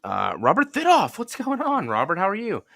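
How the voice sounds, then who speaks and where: A playful man co-hosting a movie commentary, greeting viewers from the chat and cracking jokes. His voice is bright and swings around a lot as he talks. The sound is dry and close. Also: sits high, wildly swooping pitch, gravelly, no room sound. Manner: playful, joking, quick to laugh. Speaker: co-host reading viewer chat.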